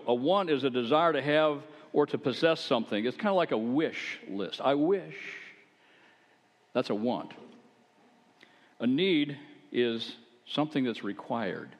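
An older male pastor preaching in a church, talking to the congregation like he is telling stories over coffee. His voice sits at an ordinary middle pitch, and it carries a long reverb off the walls of a big sanctuary. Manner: conversational storytelling with asides. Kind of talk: sermon.

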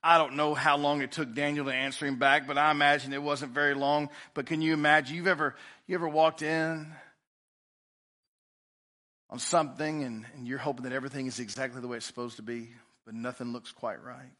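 A man preaching a sermon in a church, reading scripture aloud and swinging between loud emphasis and quiet, drawn-out lines. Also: mid-range voice, fairly even intonation. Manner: preaching with rising and falling intensity. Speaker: pastor.

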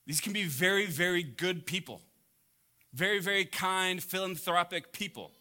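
A man preaching a sermon to a congregation, swinging between loud emphatic peaks and quiet low asides. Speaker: pastor.

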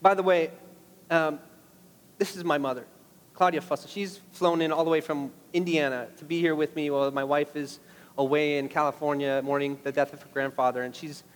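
A man's voice: on the high side, fairly even intonation, fairly quick, in a large hall. A man preaching a sermon as pastor, impassioned, rising to emphatic peaks on key phrases.

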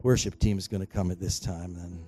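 A man preaching a sermon as pastor in a church, emphatic and swinging between quiet and loud exhortation, urging the congregation to respond. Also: sits low, steady tone, fairly quick, soft background music. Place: church sanctuary.

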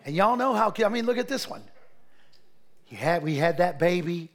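Male preacher, middle-aged, high gravelly voice, comic storytelling sermon, full of laughs. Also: moderate pace. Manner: animated, laughing, acts out quotes.

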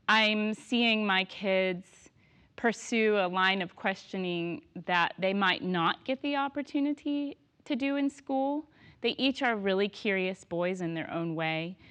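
A woman in her thirties telling stories in casual conversation, laughing often and animated. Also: medium pitch, slow pace. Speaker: guest.

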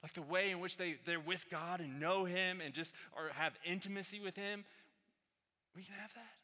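A male pastor delivers a sermon, his tone very bright and forward. He tells stories casually, climbing into animated bursts. The sound carries a long hall reverb. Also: sits high, normal speed. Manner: conversational storytelling, animated peaks. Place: church sanctuary.

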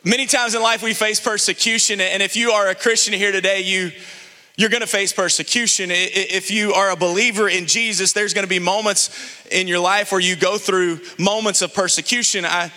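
A man from the Houston area, a pastor preaching a sermon to a congregation, telling a humorous story with animated restarts. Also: high voice, fairly quick, long reverb tail. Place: church sanctuary before a congregation.

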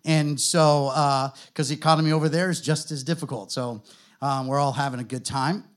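A middle-aged man with an American accent, a guest pastor telling his story to a church in a relaxed, conversational way, full of fillers. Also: on the high side, a little fast. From United States. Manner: conversational, self-deprecating, many fillers.

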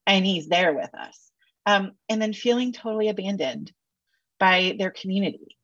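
A woman counselor talking on a podcast with sassy, animated asides and casual slang. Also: medium pitch, moderate pace, slightly rough, no echo, muffled recording. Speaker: counselor guest. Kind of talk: podcast interview.

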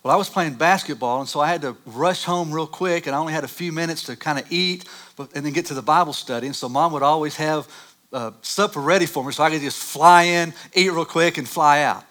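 Man, pastor, sermon, bright forceful voice, animated storytelling. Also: fairly high pitch, a little fast. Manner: animated storytelling, rising loud on dramatic moments. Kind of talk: sermon with personal stories.

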